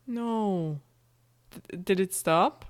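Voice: mid-range voice, takes it slowly, clean tone. A person with the hiccups, casually recording themselves and laughing often between hiccups. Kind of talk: casual self-recorded vlog.

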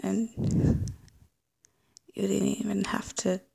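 A woman voicing a whispering ex-lover, gravelly. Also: medium pitch, level tone, slow pace, full character voice. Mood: sultry, teasing. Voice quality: breathy whisper. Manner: hushed, hesitant, with trailing restarts. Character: woman ex-lover, wistful and teasing. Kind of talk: whispered role-play.

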